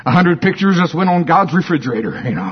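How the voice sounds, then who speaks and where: Animated, husky-voiced preacher. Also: male voice, fairly high pitch, fast talker, muffled recording. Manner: animated storytelling, playful, acts out voices. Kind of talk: sermon.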